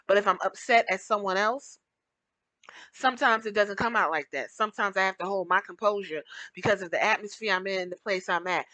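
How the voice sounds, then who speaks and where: A woman hosting a podcast, giving blunt, animated commentary and slipping into mock voices to make her points. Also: mid-range voice, no room sound, low-quality recording. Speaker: podcast host.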